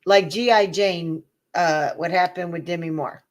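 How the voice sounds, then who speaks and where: A woman's voice: lowish voice, a little slow. A middle-aged woman, the co-host, telling a long personal story in casual chat and acting out the voices of the people in it. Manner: animated storyteller, acts out quoted voices.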